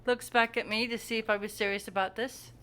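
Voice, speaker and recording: A woman's voice: a little high, steady tone, brisk, fairly bright tone. A young woman at home chatting casually to the camera while playing with her cat, teasing and cooing at him. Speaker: cat owner filming her pet.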